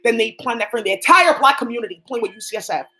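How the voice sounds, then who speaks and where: Fast-talking, profane woman ranting. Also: a little high, lively intonation, pushed and bright, rough recording. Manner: rapid, profane, talks to unseen people. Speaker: channel host. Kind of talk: rambling off-the-cuff monologue.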